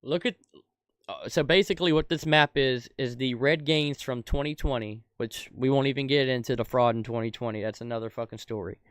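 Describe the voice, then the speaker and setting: In a studio-quality recording with no echo, a young man acting as a commentator unleashes an angry, foul-mouthed political tirade. He talks fairly quickly, alternating between yelled outbursts and low grumbling.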